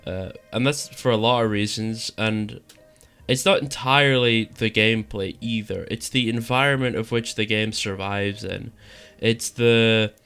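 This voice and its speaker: A man's voice: mid-range voice, a bit bright, clear, resonant tone. A young man giving casual opinion commentary on a game, frustrated and rambling, restarting phrases and asking if you know what he means. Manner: frustrated, rambling with repeated restarts and filler questions. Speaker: gaming video creator.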